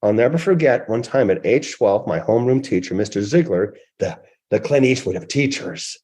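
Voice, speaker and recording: A guest author in his sixties tells stories in an animated interview, delivering them emphatically and acting out quoted voices. His fairly low, slightly mellow voice moves at a moderate pace with lively intonation.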